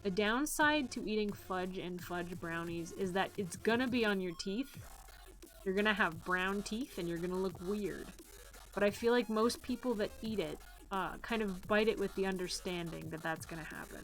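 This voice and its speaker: A woman streamer chatting casually on a live stream, playful and giggly, gushing in drawn-out sighs. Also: medium pitch, a bit bright, faint music behind, poor audio.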